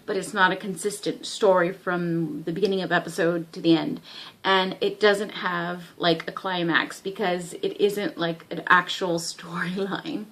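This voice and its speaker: A young woman giving a casual vlog review of an anime, excitable and giggly, with lots of filler words. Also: medium pitch.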